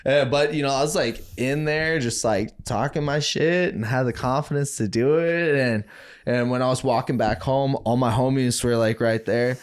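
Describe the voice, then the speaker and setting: Animated man telling a rambling story. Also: mid-range voice, normal speed, clear, resonant tone. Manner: animated, acts out quoted people in raised voices, laughs often; loose, rambling phrasing with many fillers and restarts. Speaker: podcast guest, former fighter. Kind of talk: casual storytelling.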